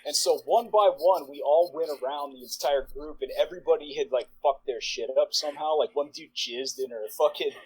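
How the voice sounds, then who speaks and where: A man in his forties, a podcast guest, telling a long profane anecdote in a rambling way full of "like" and quick laughs. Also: a little high, darkish tone, breathy edge, low-quality recording. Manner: rambling, profane, filler-heavy, laughs mid-sentence. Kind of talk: casual storytelling anecdote.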